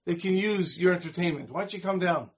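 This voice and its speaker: A man's voice: sits high, brisk, husky. A man doing a pleading TV host. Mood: coaxing. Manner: coaxing, insistent. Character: pleading male TV host, persistent.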